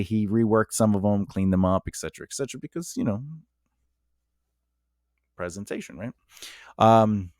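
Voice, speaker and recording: A man's voice: on the low side, clean tone, no echo, studio quality. A male screenwriter talking casually to camera, giving advice on writing and acting out little exchanges as he goes. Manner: conversational, acts out quoted exchanges.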